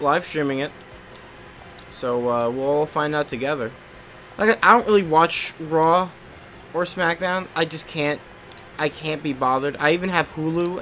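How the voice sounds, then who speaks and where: Young guy streaming a game, rambly and a bit sweary, bright slightly high voice. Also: slight background noise. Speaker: live streamer. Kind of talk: casual chat while gaming.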